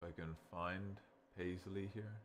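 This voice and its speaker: A man casually reviewing software while thinking aloud, rambling as he goes. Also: low-pitched, fairly even intonation, measured pace, a little hiss or hum. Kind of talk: casual screen-recording review.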